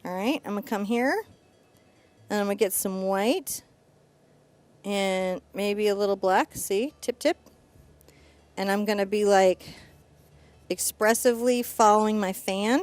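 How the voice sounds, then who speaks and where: A middle-aged woman leads a live painting class as its instructor, chatty and upbeat while narrating each brushstroke. Her voice is medium-pitched and her pace measured, broken by long pauses.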